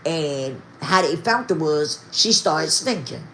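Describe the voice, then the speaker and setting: A woman's voice: low-pitched, expressive, slow pace, bright, forceful tone, a little hiss or hum. An older woman talking casually to her viewers, emphatic and repetitive. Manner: emphatic, repeats herself, talks straight to viewers. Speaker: vlogger.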